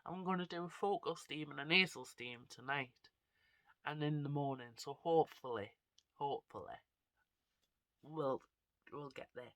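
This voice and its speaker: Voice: medium pitch, moderate pace, long pauses, a bit bright, no room sound. A vlogger and actor with a stuffy, congested nose, chatting casually and rambling to camera. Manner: rambling, chatty, self-deprecating.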